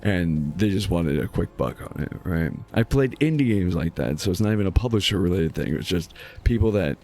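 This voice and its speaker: Man, low gravelly voice, sarcastic, rambling game-stream chat, game music underneath. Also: lively intonation, a little fast, a little mellow. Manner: sarcastic, rambling with many restarts. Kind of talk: casual gaming stream chat.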